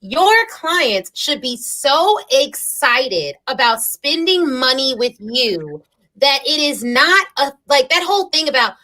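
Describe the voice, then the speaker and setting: A woman's voice: high-pitched, very animated, takes it slowly, sharp tone, low-quality recording. A woman hosting a podcast interview, speaking emphatically in a coaching tone. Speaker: podcast host.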